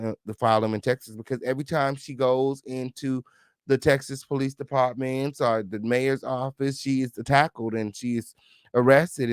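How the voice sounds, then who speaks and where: A man's voice: mid-range voice, clear, resonant tone, no room sound, studio quality. A man hosting a live stream, chatting casually with viewers and reading comments, sassy and heated, swearing freely.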